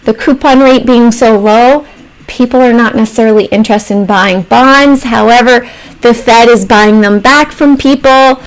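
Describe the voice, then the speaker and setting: Higher-voiced woman hosting a trading livestream. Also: low-quality recording. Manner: talks through charts while answering chat messages; thinks aloud with pauses and trailing phrases. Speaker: stock trading livestream host. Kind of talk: casual livestream commentary.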